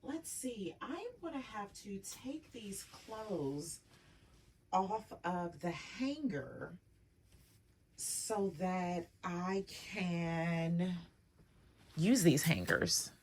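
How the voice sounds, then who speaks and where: A woman's voice: lowish voice, expressive, very slow, a little mellow, slight background noise. A woman vlogger and personal stylist chatting casually while sorting clothes in her dressing room, emotional and chatty. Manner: chatty, emotional, choking up at times. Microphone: camera off, voice only.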